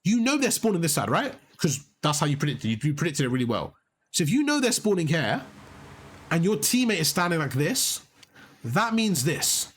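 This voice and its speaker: A man's voice: a little high, very animated, moderate pace, breathy edge. A man coaching a player through gameplay, encouraging and explaining things step by step, often repeating himself. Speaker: gaming coach. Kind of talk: live coaching over gameplay.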